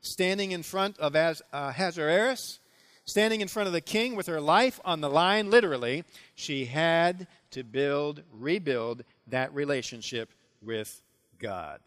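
A man preaching a sermon, retelling a biblical story with dramatic, animated delivery. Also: a little high, unhurried. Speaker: pastor.

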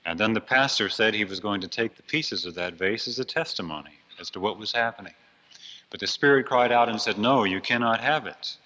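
A man's voice: on the low side, fairly quick, bright, forceful tone. A man preaching a storytelling sermon, earnest and dramatic, swelling on key phrases. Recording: dull lo-fi recording.

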